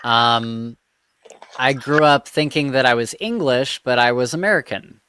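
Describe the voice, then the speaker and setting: A man's voice: medium pitch, unhurried, sharp tone, slight background noise. A man hosting a podcast, casually chatting and reading a listener's story aloud with an amused tone. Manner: amused, laughs between lines. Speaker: podcast host.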